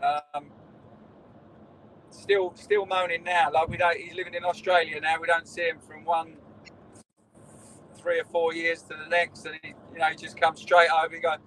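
A man's voice: a little high, little pitch movement, normal speed, pauses often, a bit bright, a little hiss or hum, poor audio. A middle-aged man, a former footballer telling rambling stories in a casual interview. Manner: rambling storyteller, restarts, swears in quotes.

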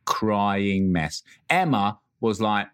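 A man's voice: fairly low pitch, lively intonation, drawn-out words, a bit bright, smooth. A middle-aged man co-hosting a podcast, chatting candidly and joking, swearing casually. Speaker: podcast co-host. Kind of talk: casual chat.

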